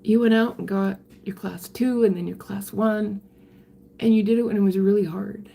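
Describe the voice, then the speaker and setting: An older woman, chatting candidly on a live stream and answering viewer comments in a halting way, often restarting her sentences. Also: medium pitch, steady tone, gravelly, dark tone. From Canada. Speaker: livestreamer reading viewer comments. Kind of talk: casual live-stream chat.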